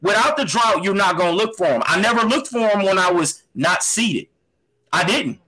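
A man co-hosting a faith podcast, speaking with impassioned, preaching fervor and repeated phrases that rise to near shouts. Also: high-pitched, animated, moderate pace, rough recording. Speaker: podcast co-host. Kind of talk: faith-based podcast talk.

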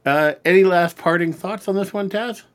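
A man's voice: high-pitched, moderate pace. A man hosting a comedy advice podcast, joking with his guests and wrapping up the show. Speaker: podcast host.

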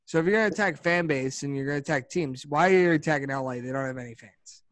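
Man, podcast co-host, fairly high voice, animated and rambling, dry close mic. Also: fast, no echo. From Philadelphia area. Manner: animated, rambling, laughs often. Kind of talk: casual sports podcast chat.

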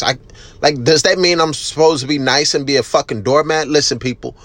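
A man hosting a casual solo podcast, ranting bluntly with heavy cursing, emphatic and loud at times. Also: a little high, no room sound. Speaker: podcast host.

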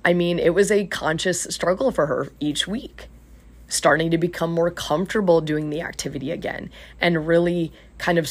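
A woman's voice: low-pitched, slightly rough. A woman life coach and podcast host telling a client story in a casual, earnest way. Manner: earnest, retells conversations with acted quotes.

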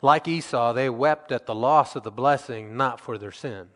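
A man preaching a sermon, reading scripture aloud and acting out quotes, his loudness swinging between emphatic and quiet. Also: medium pitch, moderate pace, big-room sound.

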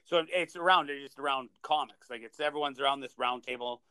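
A man's voice: mid-range voice, brisk, bright, forceful tone, clear, resonant tone, dry recording. A man hosting a podcast in casual chat, swearing and laughing as he rambles through stories. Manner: crude, laughing, rambling storyteller. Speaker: podcast host.

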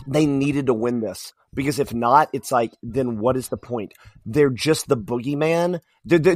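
A man co-hosting a podcast, talking in a casual, animated way with many fillers and restarts. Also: medium pitch, dry recording. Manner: animated, rambling wrestling fan talk with fillers. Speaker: podcast co-host. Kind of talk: casual chat.

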